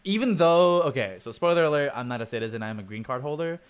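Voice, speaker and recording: A man's voice: mid-range voice, animated, fast, smooth. Laughing Indonesian-born male host. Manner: laughs often, lots of fillers. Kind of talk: casual group chat.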